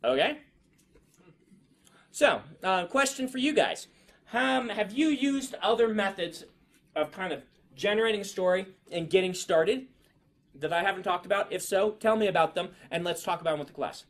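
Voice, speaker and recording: A man's voice: sits high, animated, normal speed. A man leading a writing class in a classroom, chatting casually with students and using many fillers. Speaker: writing instructor. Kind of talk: classroom lecture and discussion.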